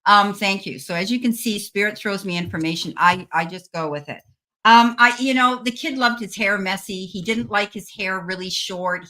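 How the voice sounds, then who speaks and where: Bright-voiced woman giving a gentle psychic reading. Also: medium pitch. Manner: gentle, halting, reassuring. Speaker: psychic medium. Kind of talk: personal spirit reading.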